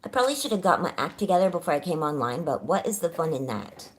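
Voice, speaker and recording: A woman's voice: low-pitched, big pitch swings, fast talker. A middle-aged woman from California hosting a casual home livestream, bubbly and chatty, greeting viewers by name and laughing often. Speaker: livestream host. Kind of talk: casual live chat.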